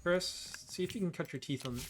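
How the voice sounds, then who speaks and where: A man hosting a let's play, joking and thinking out loud as he plays. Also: high-pitched, brisk, slight background noise. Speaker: gameplay host.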